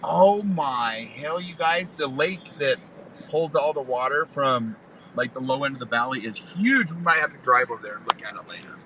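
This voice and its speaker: Male trivia host, bright, forceful voice, playful, talks from a vehicle. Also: medium pitch, expressive, normal speed, slight background noise, low-quality recording. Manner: upbeat, playful quizmaster reading questions. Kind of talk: live-stream trivia hosting.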